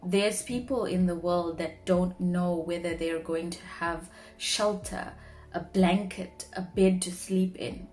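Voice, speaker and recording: Young woman vlogger, earnest and heartfelt, lowish voice, faint music under her. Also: steady tone, slow pace, darkish tone. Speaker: marketing professional. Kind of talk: personal reflective talk to camera.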